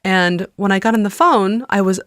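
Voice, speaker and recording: A woman hosting a podcast, chatting casually in an upbeat, animated way. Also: mid-range voice, moderate pace, no echo, studio quality. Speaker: podcast host. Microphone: studio mic.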